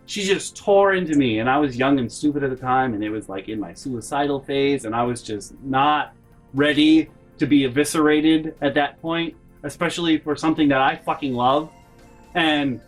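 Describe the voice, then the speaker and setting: Profane, rambling male storyteller. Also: a little high. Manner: profane, animated, rambling with restarts. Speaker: vlogger. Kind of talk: casual storytelling.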